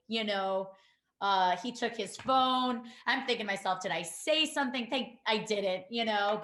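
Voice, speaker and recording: A woman, a podcast guest, telling a painful personal story in a halting way, full of fillers and restarts. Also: medium pitch, fairly bright tone, echoey room. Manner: halting, many fillers and restarts, quotes others.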